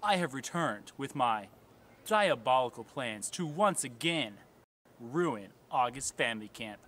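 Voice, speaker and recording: A man voicing a scheming, gleeful glove villain in a homemade puppet skit, drawing out slow, gloating lines. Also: mid-range voice, expressive, fairly bright tone.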